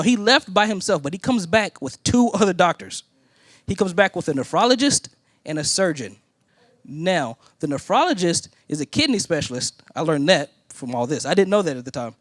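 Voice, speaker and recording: A man's voice: fairly high pitch, a little fast, no echo, clean studio sound. A man from Indiana preaching a sermon as a personal story, acting out the other people in it. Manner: animated storytelling, acting out quoted voices. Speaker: pastor.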